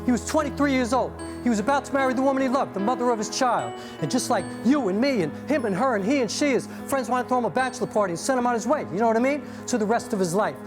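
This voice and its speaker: Intense, high-voiced, fast spoken-word poet. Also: male voice, animated, over music. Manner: intense, rhythmic, profane, repetitive refrains. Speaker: spoken-word performer and narrator. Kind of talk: rhythmic spoken-word poetry performance.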